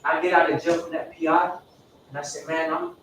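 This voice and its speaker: A man's voice: a little high, level tone, fairly quick, fairly bright tone. A man sharing his recovery story in a group. He rambles, swears, repeats himself and acts out quoted dialogue. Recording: echoey room from far off with background noise.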